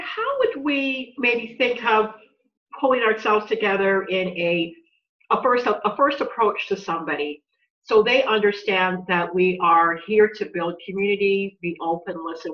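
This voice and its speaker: A woman's voice: mid-range voice, moderate pace. A woman hosting a casual interview over a video call, reflective and asking open questions. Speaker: host. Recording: distant, dull video call audio.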